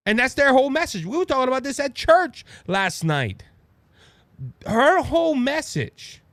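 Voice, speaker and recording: A man with a Cajun Louisiana accent hosting his own show, giving animated, mocking political commentary full of restarts and asides. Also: extremely high pitch, normal speed, no room sound. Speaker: podcast host.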